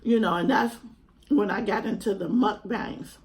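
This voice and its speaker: A young woman who does mukbang vlogs talks to the camera at home in a casual, heartfelt, earnest and chatty way. Her voice is medium-pitched with a darkish tone and a moderate pace, and the recording quality is low.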